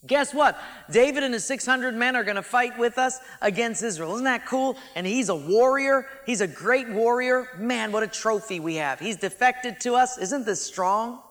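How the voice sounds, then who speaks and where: A man's voice: a little high, measured pace, sharp tone. A man acting out an ancient king, first eagerly showing off a new ally to his generals, then sending him away. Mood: boastful. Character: boastful ancient Philistine king, middle-aged man. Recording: long hall reverb.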